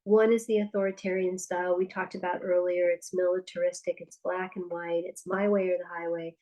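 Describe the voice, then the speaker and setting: A woman's voice: on the low side, flat delivery, fairly quick, warm tone, rough recording. A woman presenting a parenting workshop, talking candidly and personally with frequent restarts. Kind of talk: conversational presentation.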